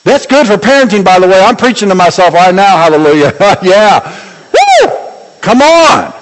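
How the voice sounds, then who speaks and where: High-voiced preaching pastor in a hall. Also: male voice, brisk. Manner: animated preaching with rising exclamations and humor. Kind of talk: sermon.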